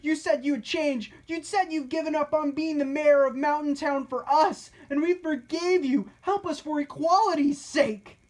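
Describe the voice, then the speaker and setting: A woman voicing a group of angry, defiant captive protesters in a storybook reading, shouting shrilly. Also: sits high, moderate pace, few pauses, pitched above the performer's own voice, lightly acted. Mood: indignant.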